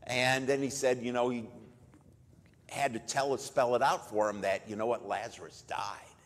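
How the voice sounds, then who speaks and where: A man preaching at a memorial service, retelling a story in a conversational way and jumping much louder for quoted lines. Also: medium pitch, steady tone, moderate pace. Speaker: pastor. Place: church. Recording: long church reverb.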